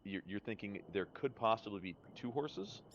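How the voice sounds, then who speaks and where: A man with a low voice narrates as game master, stopping and restarting often. His words come through dull, lo-fi stream audio. The delivery is loose and unscripted. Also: expressive, normal speed, a bit bright. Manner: hesitant, many fillers and restarts.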